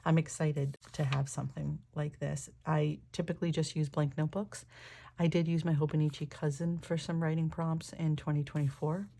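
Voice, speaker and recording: A woman with a croaky morning voice, chatting casually and enthusiastically as she shows off a new planner. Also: deep voice, flat delivery, moderate pace, dark tone. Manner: enthusiastic, thinking aloud with fillers. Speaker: planner vlogger. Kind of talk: casual show-and-tell narration.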